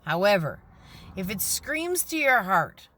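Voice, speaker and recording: A woman giving a rambling, earnest spiritual talk while parked in her car beside a busy highway. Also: big pitch swings, a little slow, bright, forceful tone. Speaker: spiritual vlogger. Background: traffic noise.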